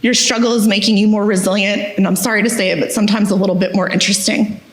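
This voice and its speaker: A woman's voice: mid-range voice, fairly even intonation, quick pace. A woman giving a candid, self-deprecating talk on stage, telling her story with humor. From Texas. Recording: echoey hall.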